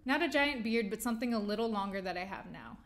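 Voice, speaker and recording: A woman's voice: mid-range voice, expressive, quick pace. Woman reading a viewer letter aloud. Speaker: reader of a viewer's question.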